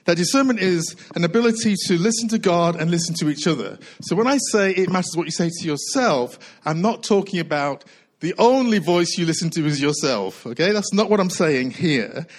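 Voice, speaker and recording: A middle-aged male pastor preaching a sermon, a little out of breath, repeating key lines and slowing down hard to stress them. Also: sits high, expressive, low-quality recording. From United Kingdom. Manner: earnest preaching with repetition and slow emphatic phrases.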